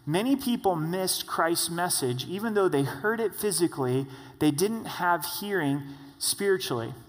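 A male pastor preaching a sermon in a conversational way, slowing down to stress key points. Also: high voice, expressive. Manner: conversational, slows for emphasis. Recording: long reverb of a church hall.

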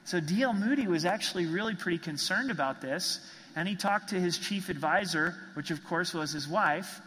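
A man preaching with a bright, fairly high voice, earnest and emphatic as he repeats his key phrases. His words ring out with a long reverb, like a church hall. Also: normal speed, a little hiss or hum. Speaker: pastor. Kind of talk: sermon.

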